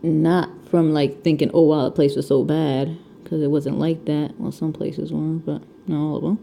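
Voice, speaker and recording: A rambling, chatty woman in her thirties with a Connecticut accent talks casually into her camera at home. Her voice sits low, dark and gravelly, with a faint background hiss. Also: flat delivery, normal speed. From Connecticut, USA. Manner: rambling, chatty, laughs often. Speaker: crafting vlogger. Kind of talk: casual chat while diamond painting. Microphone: camera mic.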